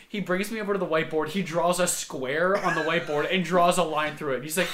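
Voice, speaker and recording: High, bright-voiced teenage boy telling stories. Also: quick pace, hardly any pauses. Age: teens. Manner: animated storyteller, loud acted quotes. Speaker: podcast co-host. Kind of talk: casual chat.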